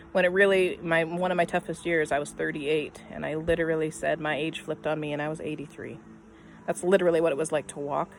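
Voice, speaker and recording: A middle-aged woman telling a personal story in a casual, rambling way, full of "um" and "I mean", often trailing off softly at the end of her thoughts. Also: low-pitched, a little hiss or hum. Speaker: vlogger.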